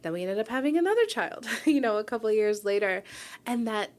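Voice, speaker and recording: A woman's voice: a little high, big pitch swings, fast. Earnest, reflective woman in her forties. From New York, USA. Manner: earnest and reflective, often asking "right?". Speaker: guest, publisher and founder. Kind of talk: radio interview, personal story. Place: radio studio.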